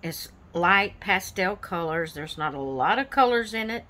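A woman's voice: lowish voice, expressive, a little slow, sharp tone. A woman hosting her own coloring channel, chatting casually and rambling with many fillers as she shows her finished pages. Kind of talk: casual show-and-tell vlog.

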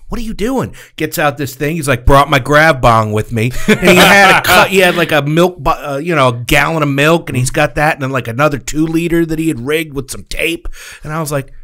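A man in his fifties co-hosting a podcast, telling animated anecdotes and acting out the lines of the people in them. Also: fairly high pitch, fairly quick. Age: 50s. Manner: animated anecdote-teller, acts out dialogue. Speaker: podcast co-host. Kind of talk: casual chat.

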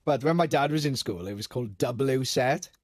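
A man co-hosting a podcast, trading quick teasing jokes in casual banter. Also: mid-range voice, darkish tone, breathy edge, no room sound, clean studio sound. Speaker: podcast co-host.

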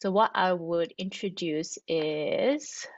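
A woman's voice: fairly low pitch, slow pace, no echo, muffled recording. A woman string teacher explaining note reading step by step, asking and answering her own questions in a chatty way. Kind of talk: instructional explanation.

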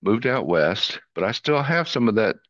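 Guy with a southern twang, lowish voice, earnest interview guest, kinda dull dry audio. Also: sing-song, moderate pace, a bit bright, dry recording. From southern United States. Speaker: podcast guest. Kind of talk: interview conversation.

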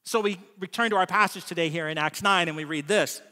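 High, bright-voiced man preaching in a hall. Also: quick pace. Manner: conversational preaching with frequent "right?" asides. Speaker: pastor. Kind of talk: sermon. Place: church hall.

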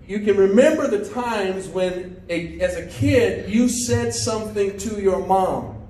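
Guy preaching, high voice, kinda far from the mic, room echo, lots of restarts. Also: lively intonation, unhurried, dark tone. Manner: storytelling, many restarts, asks the congregation questions. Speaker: pastor. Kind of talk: sermon. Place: church sanctuary. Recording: roomy church sound from a distance.

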